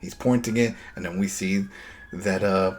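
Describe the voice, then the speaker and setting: A man co-hosting a podcast, retelling a TV episode in casual chat with lively storytelling and dry, sarcastic asides. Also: sits low, moderate pace, slight background noise. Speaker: podcast co-host.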